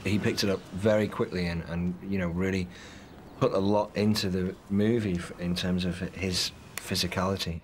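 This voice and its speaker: Man, low voice, anecdotal interview, storytelling. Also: level tone, moderate pace, a little hiss or hum. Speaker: cast member interviewed.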